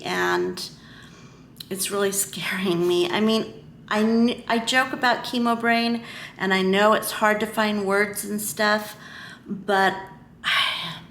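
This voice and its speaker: Woman vlogger, unhurried and hesitant delivery, echoey room with faint hiss. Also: mid-range voice, creaky, a bit bright. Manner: halting, with many fillers and restarts. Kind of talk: casual vlog talk to camera.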